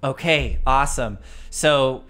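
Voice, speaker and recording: A woman's voice: rumbling low, takes it slowly, fairly bright tone, soft background music. A woman narrating as the game master of a tabletop role-play stream, giggly and rambling with fillers, on a desk mic.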